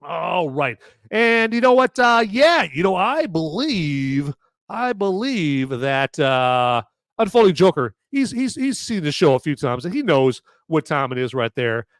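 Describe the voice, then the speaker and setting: A man's voice: fairly high pitch, big pitch swings, a little slow, no echo. Rambling, jokey man with a sore throat. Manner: rambling, jokey, many fillers and restarts. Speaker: podcast host reviewing beer. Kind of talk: casual live-stream chat.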